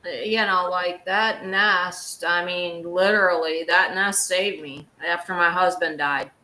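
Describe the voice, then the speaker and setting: A woman guest chatting casually on a show, candid and animated as she tells her stories. Her voice is bright. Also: lowish voice, slow pace, poor audio. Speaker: guest wildlife photographer. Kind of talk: casual chat.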